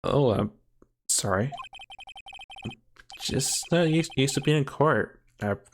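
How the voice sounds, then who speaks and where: A man's voice: mid-range voice, expressive, takes it slowly, a little hiss or hum. A man voicing an adult male circus clown who keeps cracking corny jokes in a hammy manner. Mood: flustered. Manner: hammy, delivering punchlines. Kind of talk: voice acting a game's dialogue.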